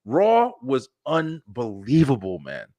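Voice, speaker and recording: A man hosting a casual wrestling podcast, talking in an excitable, profane, hyped-up way. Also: mid-range voice, slow pace, no room sound. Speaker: podcast host.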